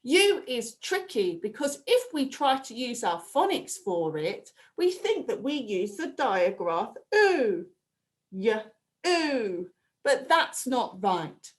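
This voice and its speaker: A woman teacher leads young children through a phonics lesson. She speaks slowly and deliberately in a bouncy sing-song voice that rises high on each sound. Her pitch sits a little above average. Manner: slow, clear, sing-song prompting with drawn-out sounds. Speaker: primary school teacher.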